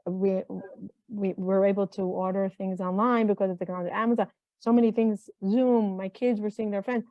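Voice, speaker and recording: This is a reflective interview with a middle-aged woman who works as a mental health consultant. She speaks at a moderate pace in a steady, medium-pitched voice, earnest and heartfelt, often circling back to restart phrases. The sound is dull and dry, without echo.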